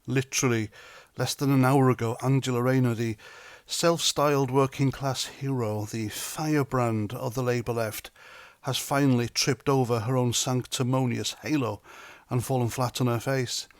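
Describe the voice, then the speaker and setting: Man from Britain, political commentator, mocking and sarcastic, mid pitch, dead dry sound. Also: steady tone, moderate pace, dry recording.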